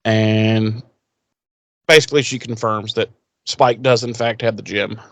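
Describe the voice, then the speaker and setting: A man co-hosting a podcast, recapping a TV episode in casual chat, animated and profane. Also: on the low side, measured pace, no room sound. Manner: profane, animated retelling with acted quotes. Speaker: podcast co-host.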